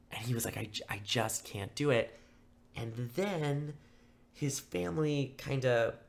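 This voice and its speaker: Gravelly young man telling a crime story. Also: on the low side. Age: young adult. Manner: casual, filler-heavy, acts out quotes in flat mock voices. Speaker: podcast host. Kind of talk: casual true-crime storytelling.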